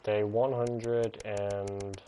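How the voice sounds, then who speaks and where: A woman chatting over her gameplay on a live stream. Her commentary is casual and blunt, full of swearing and quick asides. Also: rumbling low, level tone, mellow, faint music behind.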